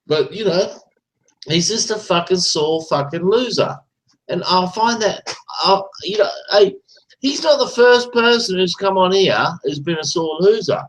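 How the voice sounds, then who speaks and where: A livestream host rants in rambling, profane, repetitive casual talk, his high-pitched voice animated and a bit bright while keeping a measured pace. The room gives the audio a roomy echo.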